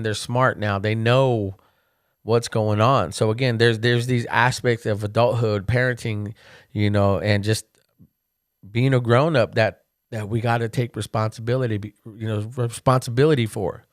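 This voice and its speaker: A middle-aged man hosting a podcast, telling personal stories in a candid, casual monologue and getting animated when he quotes others. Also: medium pitch, no room sound, studio quality. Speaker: podcast host.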